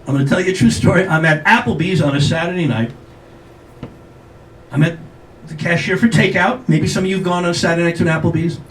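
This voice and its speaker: An older man talks fast in a fairly high voice during a stand-up set, spinning self-mocking tales with brash acted-out quotes. Audience laughter fills the comedy club, and the recording is noisy and echoey, made from a distance.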